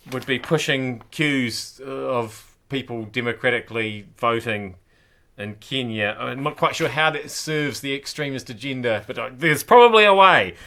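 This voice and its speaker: Sarcastic bright-voiced New Zealand man hosting. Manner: sarcastic, playful, with sudden high outbursts. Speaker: host. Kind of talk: comedic news commentary.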